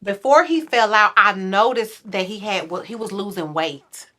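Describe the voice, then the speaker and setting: In casual podcast chat, a female guest in her forties tells a story at a moderate pace. She acts out what others said, pitching her voice higher and louder for the quotes.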